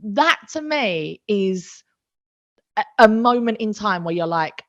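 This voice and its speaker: Woman guest, emotional and animated storyteller, mid-pitched voice, muffled lo-fi sound. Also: moderate pace. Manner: emotional, animated, swears freely. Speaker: podcast guest. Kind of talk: casual storytelling interview. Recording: dull lo-fi recording.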